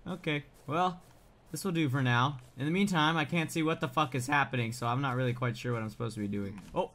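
A man giving let's play commentary as a gaming YouTuber, excitable and swearing, often yelling in surprise. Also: on the high side, fairly quick. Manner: excitable, swearing, frequent startled outbursts.

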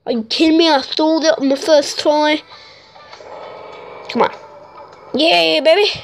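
A woman with a high, bright voice, commentating on a video game in a casual, excitable way. She talks at an unhurried pace, calling out to her viewers. Faint music plays in the background. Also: gravelly. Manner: excitable, exclaiming and talking to viewers. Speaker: gaming YouTuber. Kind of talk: casual let's-play commentary.

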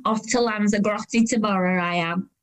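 A woman voicing a loud, crude woman in her thirties on a train, shrill and mocking. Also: steady tone, normal speed, natural voice. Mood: brash.

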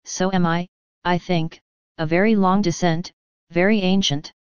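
A woman voicing a languid, affectionate young noblewoman who is secretly a vampire, speaking softly in a murmur, in a dull lo-fi audiobook recording. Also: on the low side, steady tone, measured pace, smooth, dry recording, natural voice.

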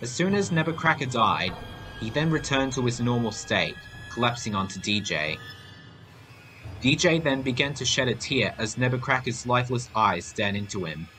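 A man reads a horror story aloud with a lively, swinging delivery and a bright, forward tone. Faint eerie music sits under his voice. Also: mid-range voice, moderate pace. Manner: reading aloud, animated. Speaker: narrator.

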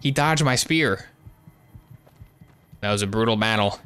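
Bright-voiced joking gaming streamer man. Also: on the low side, measured pace, clear, resonant tone. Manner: joking, playful banter at the game. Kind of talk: live gameplay commentary.

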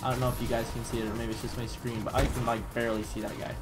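A man giving chatty, excitable commentary on his own gameplay, with bursts of surprise and self-mocking asides. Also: mid-range voice, very fast. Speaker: gaming YouTuber. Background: background music.

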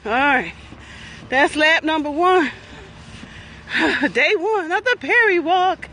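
Walking briskly through a lakeside garden near traffic, a wellness facilitator chats cheerfully on her live walking vlog. Her high voice is upbeat, pushed and bright with lively intonation. The rough outdoor phone audio carries traffic noise.

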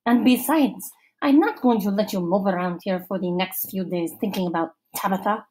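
A daring, self-assured twelve-year-old boy from a storybook, as a woman narrator puts him on, speaking in a lively, persuasive voice at a middling pitch. He sounds slightly far from the mic. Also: moderate pace, close to an everyday voice. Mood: eager.

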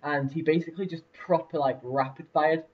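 Chatty young gamer, distant lo-fi mic. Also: male voice, on the high side, fairly even intonation, moderate pace. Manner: chatty, rambling, lots of fillers and laughs. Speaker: let's play host. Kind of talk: casual gameplay commentary.

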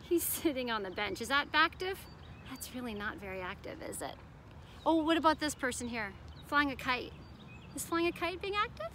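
Woman teacher reading a kids book out loud, high and bouncy, asks the kids lots of questions, faint noise behind. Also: animated, normal speed. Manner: sing-song, asks children questions. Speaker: preschool teacher. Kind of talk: reading a picture book aloud to children.

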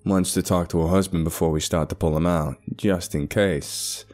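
Male narrator as a matter-of-fact rescue boss: plain, warm and low. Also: fairly even intonation, normal speed, soft background music, lightly acted. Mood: practical. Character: male rescue coordinator, steady and practical.

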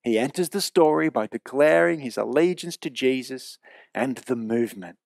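A man preaching a sermon in a church, earnest and emphatic, slowing down to repeat key phrases. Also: mid-range voice, animated, gravelly, a little mellow, no echo, studio quality.

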